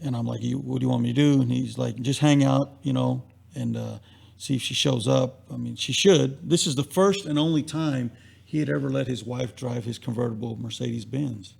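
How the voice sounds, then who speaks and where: A man's voice: medium pitch, normal speed, creaky, a little mellow, husky. A man on a live talk stream, telling a long casual anecdote and acting out the quotes, rambling and repeating himself. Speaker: guest. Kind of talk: casual storytelling.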